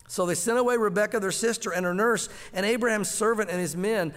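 A man preaching a sermon as pastor, telling the story with lively, animated delivery and acted-out dialogue. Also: high voice, brisk, hardly any pauses, in a large hall.

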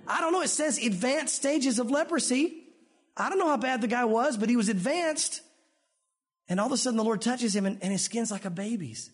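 A man preaching a sermon as pastor, animated, acting out the voices of Bible figures. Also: high voice, breathy edge.

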